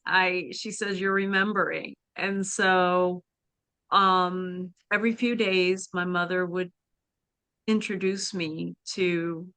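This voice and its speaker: A woman guest on a podcast telling a personal spiritual story in an earnest, halting way. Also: fairly low pitch, pushed and bright, clear, resonant tone, dry recording.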